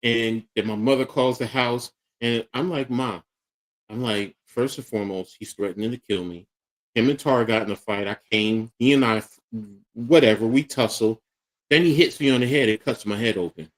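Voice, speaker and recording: A man's voice: fairly low pitch, moderate pace. A middle-aged man with a Philadelphia accent, co-hosting a casual talk show and animatedly acting out the voices in his stories. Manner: animated storyteller acting out quotes. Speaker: podcast co-host. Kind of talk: casual storytelling chat.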